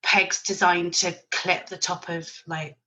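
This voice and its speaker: Podcast guest: bright, forceful woman, blunt and chatty. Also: fairly low pitch, flat delivery, measured pace, low-quality recording. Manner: chatty and blunt, sprinkles in mild swearing and laughs. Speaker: podcast guest, virtual assistant business owner. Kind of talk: casual podcast chat.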